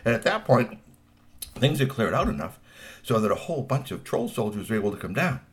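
A man telling a children's story in a playful, animated way, with lots of asides. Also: fairly low pitch, fairly quick.

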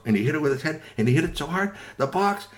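A man narrating a children's tale in a sing-song way, often asking the listener questions. His voice rises and falls widely, sinking soft at gentle moments. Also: on the high side, fast. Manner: animated, sing-song, with many asides to listeners. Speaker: storyteller.

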